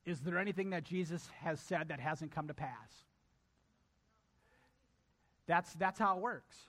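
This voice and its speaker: A man preaching a sermon in a bright, forceful voice, pitched a little above the usual for men. He drives his points home by repeating them and speaking straight to his congregation. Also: unhurried. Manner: emphatic, repeats key lines to a congregation. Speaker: pastor.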